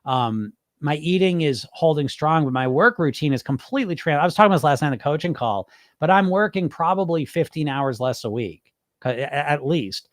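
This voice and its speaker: A man's voice: a little high, brisk, no echo, studio quality. A man hosting a weight-loss podcast, answering viewer comments in a casual, rambling way with plenty of swearing. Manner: animated, profane, rambling.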